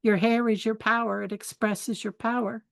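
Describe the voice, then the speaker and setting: A woman's voice: a little high, little pitch movement, normal speed, creaky, no room sound. An older woman hosting a spiritual forum, telling family stories in a chatty, candid way and turning them into life advice. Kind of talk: storytelling talk.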